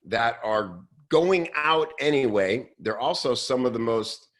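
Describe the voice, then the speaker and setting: A man hosting a show, talking casually and loosely with many fillers and restarts, now and then slipping into quick mock voices. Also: mid-range voice, animated, a bit bright. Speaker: host. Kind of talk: casual podcast talk.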